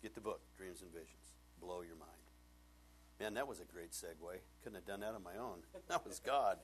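A male pastor preaching a sermon, animated and laughing often, acting out bits of dialogue in changing voices. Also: low voice, brisk, a little hiss or hum.

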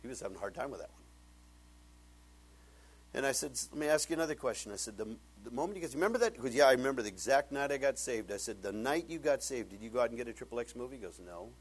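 A man preaching a sermon, retelling a conversation and then building to loud, emphatic preaching. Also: mid-range voice, expressive, fast talker, slightly rough, rough recording.

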